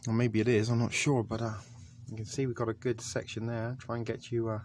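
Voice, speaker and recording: A man's voice: mid-range voice, level tone, brisk, darkish tone, a little hiss or hum. A man casually reviewing a ration pack on camera, talking in a hesitant, chatty way with many ums. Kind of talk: casual food review vlog.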